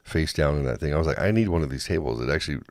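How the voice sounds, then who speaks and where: A man with a very low voice tells a comic story in a loose, chatty way, slipping into crude jokes. The recording is close and dry, with no room sound around him. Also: expressive, very fast, dry recording. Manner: crude jokes, acts out others' lines. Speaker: podcast co-host. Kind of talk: casual comedic storytelling.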